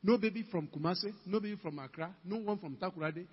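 A man's voice: sits high, fast, husky. An older man preaching a fervent sermon as pastor, acting out quoted conversations as he exhorts the congregation. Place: church hall. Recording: dull lo-fi church recording with long reverb.

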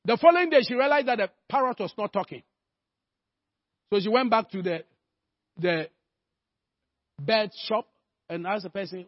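Husky high-voiced male preacher. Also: normal speed, pauses often, dry recording, dull audio. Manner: rhetorical, calls for amens, storytelling. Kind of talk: sermon.

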